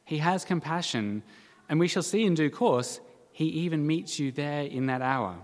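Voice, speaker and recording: A man preaching a sermon in an earnest, measured way, with dramatic quoted cries now and then. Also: on the high side, expressive, big-room sound. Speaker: pastor.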